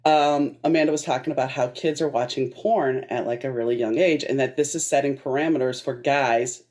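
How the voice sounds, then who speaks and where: Woman host, deep husky voice, easygoing and rambling, casual chat. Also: fairly even intonation, a little fast, a little mellow. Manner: chatty and rambling, with fillers. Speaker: podcast host.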